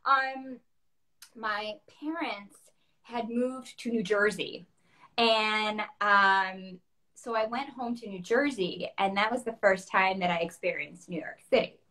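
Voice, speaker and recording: A woman from Chicago, a guest opera singer, telling her story in a casual interview. She talks in an animated way, acting out her past self in quotes and laughing often. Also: mid-range voice, slow. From Chicago, USA.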